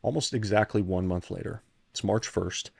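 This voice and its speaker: A man in his thirties, a podcast guest who went from founder to CEO coach, tells a personal story earnestly and reflectively, often restarting when moved. His lowish voice is creaky with a breathy edge at normal speed, in a dry, clean studio recording.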